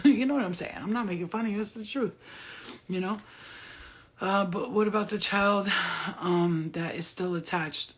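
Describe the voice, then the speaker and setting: A woman's voice: mid-range voice, normal speed. A woman giving a spiritual reading in a casual, blunt and profane way, laughing often as she talks. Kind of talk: casual spiritual channeling talk.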